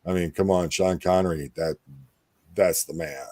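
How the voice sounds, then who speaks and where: Host, male, very low voice, dry close sound, loose rambling chat. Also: steady tone, moderate pace, darkish tone, no room sound. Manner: rambling, with many fillers and restarts. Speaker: podcast host. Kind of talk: casual chat.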